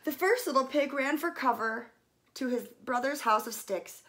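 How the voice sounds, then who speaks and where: Her voice a little high, a fitness coach reads a kids' story aloud in a gentle way, breaking off softly to describe each picture.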